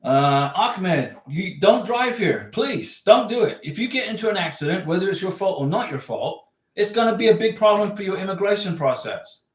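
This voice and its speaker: A man's voice: high voice, very animated, normal speed, few pauses. A man hosting a livestream, reading out viewer comments and giving advice in a chatty way, repeating his points for emphasis. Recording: echoey room.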